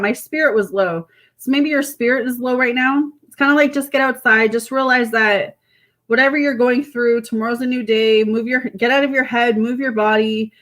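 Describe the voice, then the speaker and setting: A woman's voice: a little high, fairly bright tone. A woman doing a live tarot reading, chatting casually with viewers and reading card messages aloud. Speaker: tarot reader.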